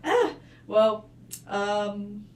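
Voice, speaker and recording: A young woman from France with a French accent, a podcast guest talking casually, chatty and quick to laugh, with many fillers. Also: mid-range voice, very animated. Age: young adult. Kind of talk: casual chat. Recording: roomy and distant with faint noise.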